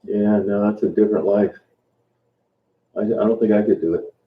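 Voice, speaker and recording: A man with a fairly low voice chats loosely with his live viewers, trailing off and restarting as he goes. The sound is thin and phone-like. It bounces around a roomy space. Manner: relaxed, halting, many fillers and restarts. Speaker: livestream host. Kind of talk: casual chat with live viewers. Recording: tinny phone-like sound in an echoey room.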